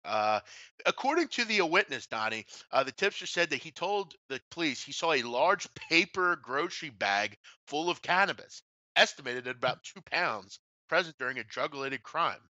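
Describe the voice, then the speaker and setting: Man, co-host, sharp forceful tone, dry lo-fi audio, profane ranting, casual talk show. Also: a little high, sing-song, moderate pace, no room sound. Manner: blunt and profane, ranting storyteller. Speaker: podcast co-host. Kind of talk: casual sports betting talk show chat.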